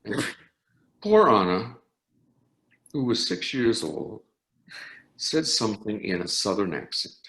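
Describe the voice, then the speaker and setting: An older man, an orchestra conductor, telling animated anecdotes in an interview with frequent restarts. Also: lowish voice, slow, creaky, pauses often. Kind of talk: storytelling interview. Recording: roomy echo.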